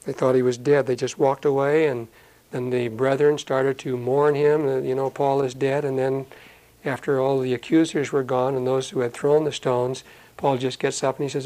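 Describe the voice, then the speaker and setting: A man leads a church Bible study in a relaxed, conversational sermon voice at an ordinary middle pitch. He reads the verses slowly and deliberately, then breaks into plain, folksy explanations for the congregation. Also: low-quality recording. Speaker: pastor.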